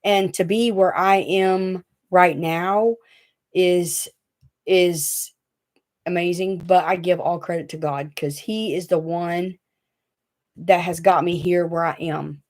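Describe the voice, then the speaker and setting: A woman's voice: fairly low pitch, darkish tone. Chatty Southern woman, rambling livestream host. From Tennessee. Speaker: DIY craft channel host. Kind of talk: casual livestream chat. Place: small hot room at home.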